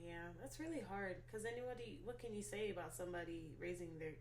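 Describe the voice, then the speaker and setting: A woman guest on a podcast, chatting in a frank and expressive way, swearing freely and acting out quotes. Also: on the low side, quick pace, slight background noise. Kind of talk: casual chat.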